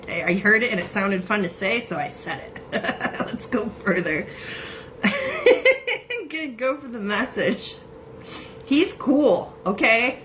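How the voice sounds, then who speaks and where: A woman's voice: mid-range voice, noisy background. Chatty woman medium, laughing often. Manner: chatty, laughs often, quotes the spirit in quick bursts. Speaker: psychic medium. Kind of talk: relaying spirit messages in a casual reading.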